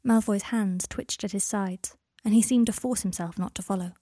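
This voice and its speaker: A woman narrating a story in a calm audiobook reading, with a breathy voice. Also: mid-range voice, normal speed, dry recording, studio quality.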